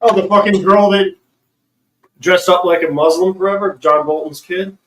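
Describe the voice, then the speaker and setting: A man's voice: high voice, fairly even intonation, moderate pace, fairly bright tone. A man making blunt, crude remarks in a casual chat as a co-host. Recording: echoey and distant with faint noise.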